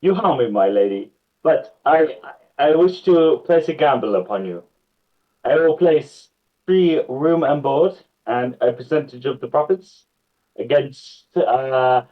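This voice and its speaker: Tabletop role-play: male player as a boastful bard, flattering and theatrical, phone-like audio. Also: medium pitch, measured pace, recorded from a distance, close to an everyday voice. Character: flamboyant boastful male bard, flirtatious showman. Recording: phone-like voice chat.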